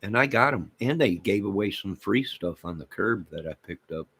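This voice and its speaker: A man's voice: fairly low pitch, expressive, normal speed, fairly bright tone, husky. A man hosting a casual livestream, rambling and joking with his chat viewers, with a toothless way of speaking. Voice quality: toothless speech. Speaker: livestream host.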